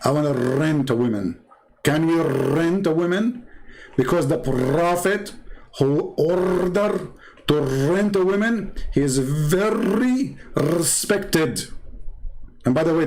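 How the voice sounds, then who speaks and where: A man with an Arabic accent, speaking as a channel host and giving mocking, sarcastic commentary. His voice drops to low mutters and jumps to high exclamations. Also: slow pace, gravelly, darkish tone. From Middle East. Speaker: Christian apologist channel host.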